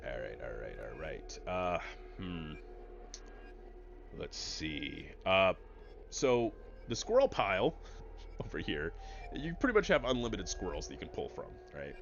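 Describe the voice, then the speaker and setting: Lively low-voiced male gaming streamer. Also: unhurried, creaky, long pauses, lo-fi sound, faint music behind. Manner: chatty, explains rules to chat. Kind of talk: casual let's-play commentary. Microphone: headset.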